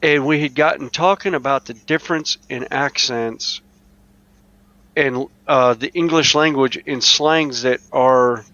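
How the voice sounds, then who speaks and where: A man's voice: mid-range voice, a little slow, sharp tone, no room sound, lo-fi sound. A man from the Carolinas with a Southern US accent tells rambling stories full of fillers and restarts in a casual group voice chat. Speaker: chat participant. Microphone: online voice chat mic.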